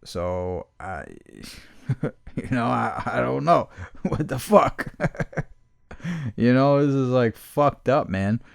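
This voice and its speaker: A man's voice: mid-range voice, slow, creaky, pauses often, no room sound, clean studio sound. A man hosting a podcast, telling a rambling, profane story in a casual rant and mimicking the people he dealt with. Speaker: podcast host.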